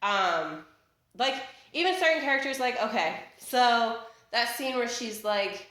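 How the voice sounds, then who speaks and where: Her fairly high, animated voice has a slight brightness and moves at a measured pace. The young vlogger rambles through a casual rant in her living room, full of fillers and self-interruptions, and the room echoes around her.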